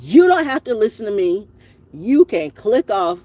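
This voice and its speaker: Animated, profane ranting woman. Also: mid-range voice, unhurried, no room sound. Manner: profane, confrontational, scolding; rambling, repeats herself. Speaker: spiritual vlogger. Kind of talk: ranting monologue to camera.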